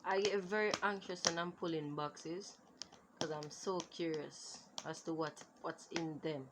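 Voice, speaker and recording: A woman, unboxing gifts in a casual vlog, excitable and exclaiming, recorded on a phone. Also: sits low, a little slow. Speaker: vlogger. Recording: phone recording with clear background noise.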